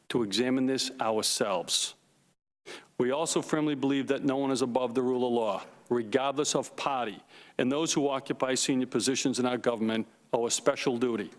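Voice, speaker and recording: A man testifying from a desk microphone, slow and firm, stressing each point and repeating it. His voice rings out with a long reverb from a large hearing room, and his pitch sits at an ordinary middle level. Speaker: forensic investigator testifying at a hearing. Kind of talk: prepared testimony.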